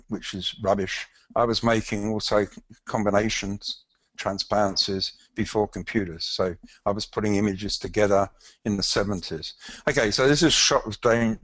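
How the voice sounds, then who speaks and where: An older man with a London accent, a professional photographer giving a casual, halting webinar demonstration with frequent fillers. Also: fairly low pitch, no room sound.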